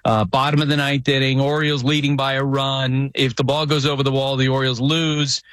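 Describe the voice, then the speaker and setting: A man's voice: medium pitch, level tone, a little fast, fairly bright tone, no room sound. A man hosting a casual sports chat, telling stories with frequent restarts. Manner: conversational, frequent restarts, storytelling. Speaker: podcast host.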